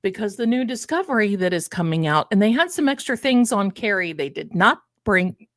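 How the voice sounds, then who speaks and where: A woman's voice: mid-range voice, animated, moderate pace, a bit bright, no room sound. An older woman hosting a live stream, chatting loosely and drifting into personal stories. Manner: chatty, digressive, storytelling asides. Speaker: host of a live tarot and commentary stream. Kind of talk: casual live-stream commentary.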